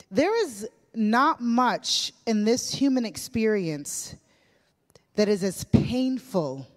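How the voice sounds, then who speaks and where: With a medium-pitched, slightly mellow voice, a woman preaches a conversational sermon, telling stories with casual fillers. Long church hall reverb colors the sound.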